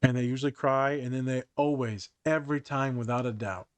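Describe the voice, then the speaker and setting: Brisk and barely pausing, a man with a medium-pitched voice hosts a relaxed podcast conversation. He's a therapist sharing office stories, lively in the telling and acting out the dialogue he quotes, all on a dry recording.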